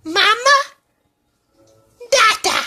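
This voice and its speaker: A woman's voice: extremely high pitch, animated, very slow, music in the background. A woman, a parent filming her baby at home, talking to her in a playful, teasing, sing-song voice.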